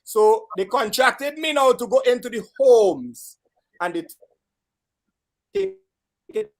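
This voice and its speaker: A man's voice: very high voice, lively intonation, slow pace. A man with a Vincentian accent, a calypsonian and parang singer talking playfully about his songs. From St Vincent and the Grenadines. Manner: playful, bawdy, shouting out lines.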